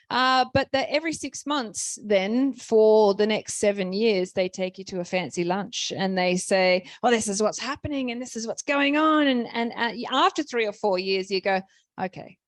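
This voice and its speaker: An Australian woman in the middle of her range tells chatty stories on a panel. She acts out the voices of people in her stories and trips over her words as she goes. The sound is dry and close, with no room echo. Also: mid-range voice. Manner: lively storytelling, acts out quoted people, frequent restarts. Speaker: author on a panel. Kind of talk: anecdotal panel talk.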